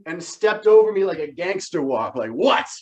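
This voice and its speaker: A man hosting a virtual comedy show, thanking the comics and wrapping up with a quick story. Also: high voice, sing-song, a little mellow.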